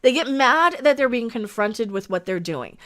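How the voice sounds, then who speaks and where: A woman hosts a livestream with a high, smooth voice. She rants with passion, stacking up rhetorical questions, and stops to read out viewer comments. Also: lively intonation, moderate pace, a bit bright. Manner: impassioned, ranting, reads viewer comments aloud. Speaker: livestream host.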